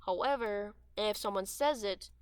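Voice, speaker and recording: A teenage girl, a gaming streamer, rambles aimlessly while playing a game, her woman's voice medium in pitch, measured in pace, and clean in tone. Her throat sounds dry and sore, and lip smacks come through between her meandering sentences. She chats on with frequent fillers, trailing off and restarting often.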